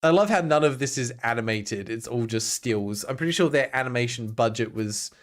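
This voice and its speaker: A man streaming a video game, giving casual, excitable, jokey commentary and chatting with his viewers. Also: medium pitch, fairly quick.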